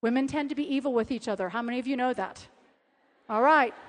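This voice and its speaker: A woman preaching a sermon at a conference, telling stories with lively acted-out quotes. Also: fairly high pitch, fast. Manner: animated storytelling, acting out quotes. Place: large hall. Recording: reverberant hall.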